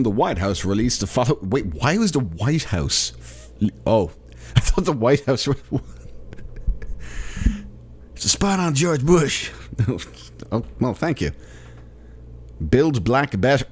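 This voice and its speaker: A tired man hosting a solo comedy podcast, riffing sarcastically on a news article and laughing at his own jokes. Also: medium pitch. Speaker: podcast host.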